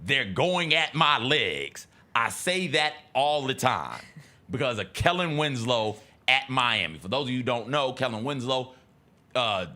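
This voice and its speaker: Animated bright-voiced man talking sports. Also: mid-range voice. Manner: animated, laughing, acts out quoted rants loudly. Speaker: sports radio co-host. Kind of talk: casual sports chat.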